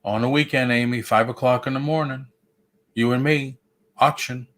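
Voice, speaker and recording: A man's voice: mid-range voice, steady tone, normal speed, a loud crowd. A man hosting a casual livestream chat, joking and rambling with lots of restarts. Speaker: host.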